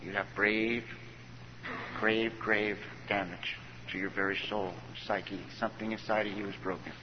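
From a conference stage, a man tells his personal recovery story in a folksy way, often acting out what others said to him. His voice sits on the low side with fairly even intonation and an unhurried pace. The hall recording is dull and echoey, with background noise.

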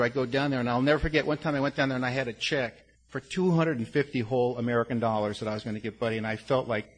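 An older man speaking at a recovery meeting, telling a frank, rambling personal story with many restarts. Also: medium pitch. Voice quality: gravelly. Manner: frank and earnest, with blunt curses. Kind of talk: personal testimony to a group.

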